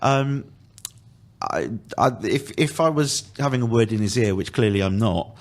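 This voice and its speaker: A man's voice: mid-range voice, expressive, moderate pace. A man talking hesitantly as a guest on a football podcast, restarting his sentences often. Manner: hesitant, with many restarts and fillers. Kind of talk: casual football podcast discussion.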